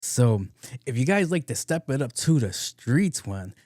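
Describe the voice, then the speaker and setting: A young man hosting a podcast, retelling a road-rage story in a profane, animated way with acted-out quotes. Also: mid-range voice, measured pace, no echo, clean studio sound. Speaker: podcast host. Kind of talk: casual solo storytelling.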